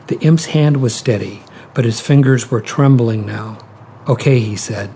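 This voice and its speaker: A man reading a short story aloud in a calm, measured way. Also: medium pitch, a little hiss or hum. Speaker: narrator.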